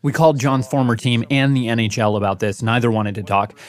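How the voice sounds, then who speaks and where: A man's voice: mid-range voice, fairly quick, no echo. A man working as a podcast reporter, narrating in a conversational way and asking questions. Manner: conversational, reads quotes aloud. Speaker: radio reporter.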